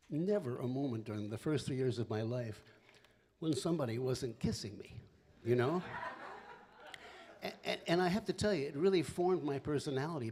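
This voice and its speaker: A man's voice: medium pitch, darkish tone, a little hiss or hum. A man in his seventies from Philadelphia, a singer-songwriter telling a rambling, chatty family story between songs, with laughing asides. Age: 70s.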